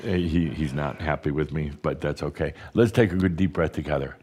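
A man, a spiritual teacher, guiding a group through deep breathing in a playful, teasing way with slow, emphatic phrasing. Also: darkish tone, breathy edge. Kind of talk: guided breathing talk to an audience.

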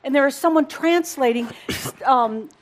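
Welcoming higher-voiced woman co-hosting. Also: unhurried. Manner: welcoming and chatty, reading out guests' names. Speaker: co-host welcoming guests. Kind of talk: casual chat and guest introductions at a live gathering.

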